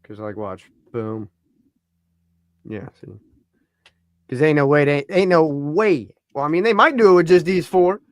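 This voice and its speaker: A man's voice: fairly high pitch, animated, a little slow, pauses often, dry recording, clean studio sound. A man co-hosting a casual sports talk stream, thinking aloud and trailing off as he works through trades. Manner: thinking aloud while running a trade simulator, trailing off and mumbling. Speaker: podcast co-host. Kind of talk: casual chat.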